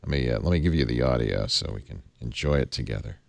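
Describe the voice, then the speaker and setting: A man's voice: a bass voice, expressive, fast, gravelly, very noisy. A man hosting a casual tech chat in a studio, talking with many hesitant fillers. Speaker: host.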